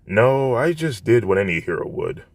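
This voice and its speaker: A man's voice: mid-range voice, expressive, normal speed, voice pushed up, lightly acted. A man voicing a modest, hesitant teenage boy. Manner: hesitant, with filler words.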